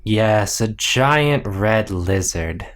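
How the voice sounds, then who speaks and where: A man narrating a tabletop game as game master in a measured, deliberate way. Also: fairly low pitch, animated.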